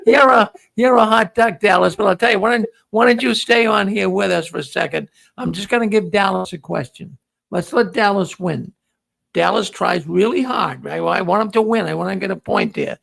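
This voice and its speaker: A man's voice: sits high, normal speed, gravelly, fairly bright tone. A man hosting a casual live-stream quiz, jokey and playful, often repeating himself. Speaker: show host running a quiz.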